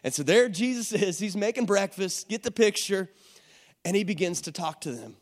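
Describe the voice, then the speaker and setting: A man's voice: sits high, expressive, normal speed, big-room sound. A man preaching a sermon in a conversational way, often asking the audience questions. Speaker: pastor.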